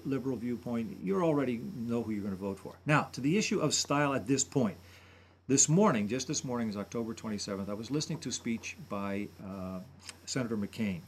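A man with a mid-range voice comments on a radio talk show as a voice and speech analyst. He breaks down politicians' speaking styles in detail and imitates their speech patterns. Some hiss or hum is present.

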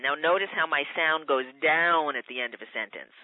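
A woman's voice: low-pitched, brisk, no room sound. A woman speech coach giving methodical, instructive advice in a radio interview. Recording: tinny phone line, dry.

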